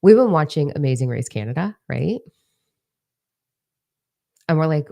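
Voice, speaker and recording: A woman in her forties giving a blunt, excitable motivational talk at home, swearing freely. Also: deep voice, measured pace, vocal fry. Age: 40s. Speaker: life coach. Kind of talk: casual motivational talk to camera.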